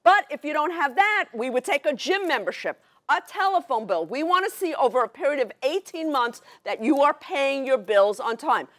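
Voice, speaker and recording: A middle-aged woman with a Brooklyn accent, giving an excited, fast-paced educational presentation to a workshop audience. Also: sits high. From New York City. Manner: fast, excited, New York directness.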